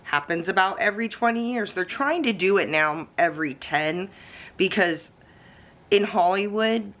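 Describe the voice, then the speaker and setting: A woman's voice: mid-range voice, animated, normal speed, fairly bright tone. A woman vlogger talking casually to her viewers, rambling with fillers and restarts, snacking and sipping coffee as she goes, with the odd swear word. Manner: eats snacks and sips coffee while talking. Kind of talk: casual talking-head vlog.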